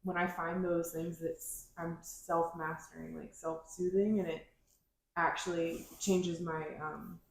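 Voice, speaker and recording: A woman's voice: fairly low pitch, flat delivery, slow, vocal fry, slight background noise. A woman podcast host in casual chat, rambling and searching for her words with many fillers. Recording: very echoey room.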